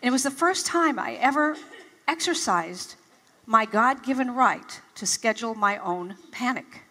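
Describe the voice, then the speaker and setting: Bright and forceful, with a voice on the high side, the older motivational speaker sounds animated though a little slow. Before a live audience in a large, reverberant event hall, she tells stories and acts out her earlier reactions with animation.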